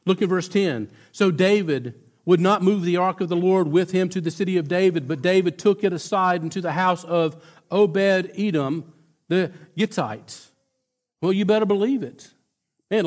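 A male pastor preaching a sermon in a conversational, emphatic way, with halting restarts. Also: high voice, darkish tone.

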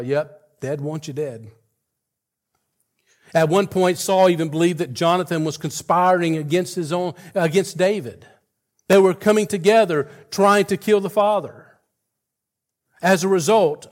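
Man, sermon, earnest, slightly higher voice, restarts often. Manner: earnest, retells scripture dialogue with rising intensity; frequent fillers and restarts. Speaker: preacher.

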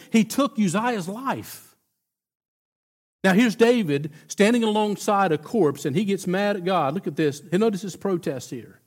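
Man preaching, high pitched, emphatic, chatty, trips over his words sometimes. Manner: conversational and emphatic, with halting restarts. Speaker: pastor. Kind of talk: sermon.

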